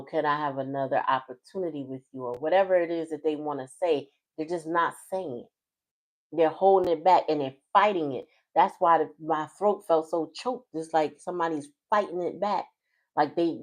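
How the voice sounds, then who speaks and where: A woman giving a casual, chatty tarot reading on a livestream, talking loosely with folksy slang. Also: low-pitched. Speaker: tarot reader.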